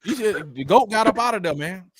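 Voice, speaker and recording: A man's voice: high-pitched, expressive, a little fast, slightly rough, no room sound, soft background music. A man co-hosting a casual sports debate, laid-back and conversational, often asking 'you know what I'm saying'. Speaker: podcast co-host.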